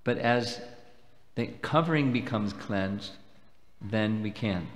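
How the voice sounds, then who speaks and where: A man giving a devotional lecture at a festival, explaining slowly and deliberately and taking questions. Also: on the low side, a little hiss or hum. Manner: measured, explanatory, slow and deliberate. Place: temple hall. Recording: long hall reverb.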